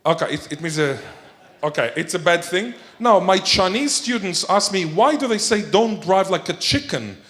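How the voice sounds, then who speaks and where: A man speaks to a conference audience in a playful, joking manner. His voice sits a little high, and he tosses questions to the listeners between points. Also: lively intonation, moderate pace, a bit bright. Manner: playful, jokey, quizzes the audience. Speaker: keynote speaker. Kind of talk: conference keynote talk.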